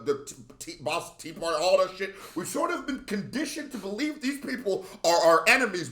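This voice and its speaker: High bright impassioned male reaction host. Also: reverberant. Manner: impassioned, ranting, shouts at times. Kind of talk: animated reaction commentary.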